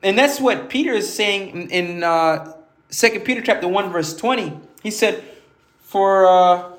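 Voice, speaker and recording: High-voiced man teaching scripture. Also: a little slow, fairly bright tone, echoey room. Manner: conversational, repeats words, reads scripture aloud and explains it. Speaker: preacher. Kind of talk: informal Bible teaching.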